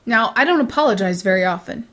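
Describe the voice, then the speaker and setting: A woman's voice: medium pitch, fast. A woman, giving blunt, opinionated casual talk, swearing freely and acting out other people. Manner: blunt, swears, animated mimicry.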